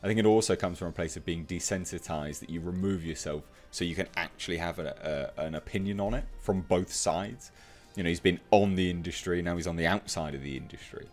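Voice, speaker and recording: A man with a fairly low voice delivers opinionated commentary for an online video. He reads out comments and mocks them, emphatic and scornful. Faint music sits quietly under his voice. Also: brisk. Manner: mocking, emphatic, laughs at commenters. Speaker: commentary youtuber.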